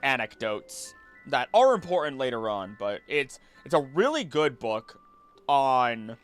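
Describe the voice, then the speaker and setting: A man's voice: medium pitch, unhurried, faint music behind. Rambling young man streaming. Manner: rambling, excitable, jumps between topics and restarts often. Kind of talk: casual stream chat. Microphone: desk mic.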